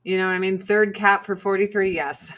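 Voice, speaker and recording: A vlog host in her forties chats casually on a livestream, blunt and profane, stopping now and then to scold and coo at her cats. Her mid-range voice is steady, fairly quick and a bit bright.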